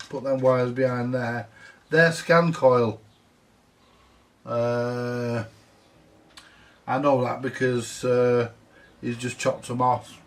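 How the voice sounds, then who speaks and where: A vintage audio repair vlogger talks casually to the camera in his workshop, his medium-pitched voice picked up by a distant mic. He rambles about a repair job, full of fillers and the occasional swear word.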